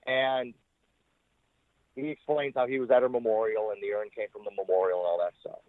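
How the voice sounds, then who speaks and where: Over a tinny, dry phone-line recording with no room sound, a former talent manager tells rambling, profane stories in a casual interview, acting out other people's words. He speaks briskly in a fairly low, level voice.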